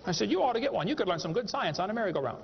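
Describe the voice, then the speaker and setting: A creationist speaker with a high, gravelly voice delivers a humorous lecture to a live audience, very animated and rapid-fire. He's a folksy, joking storyteller, heard in an echoey hall with dull lo-fi sound.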